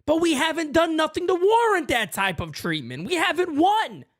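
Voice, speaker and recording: A man hosts a live fan stream in a fairly high voice. He rants excitably, swears freely and keeps it casual with his viewers. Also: moderate pace. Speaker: host. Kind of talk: live-stream sports talk.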